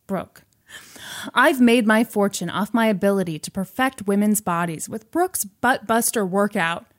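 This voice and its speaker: A woman voicing a dramatic young female fitness celebrity with a loud, melodramatic delivery. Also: medium pitch, unhurried, lightly acted. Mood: secretive.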